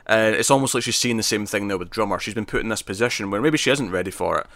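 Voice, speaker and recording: A man co-hosting a podcast, chatting casually and excitedly as he recaps a TV episode. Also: lowish voice, fast talker, dry recording. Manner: excitable, animated retelling of scenes. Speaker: podcast co-host.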